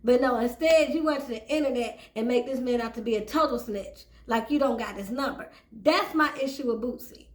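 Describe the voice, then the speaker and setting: A woman's voice: a little high, brisk, few pauses. A woman hosting a celebrity gossip channel, casually reading out a news story and giving her opinions, sometimes stumbling over the words. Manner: chatty, opinionated, stumbles while reading aloud. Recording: echoey room.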